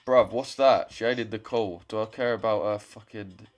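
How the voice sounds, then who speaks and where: A man's voice: on the low side, steady tone, moderate pace. A young man hosting a casual livestream call, blunt and mocking and swearing freely. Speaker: livestream host. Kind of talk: casual livestream banter with callers.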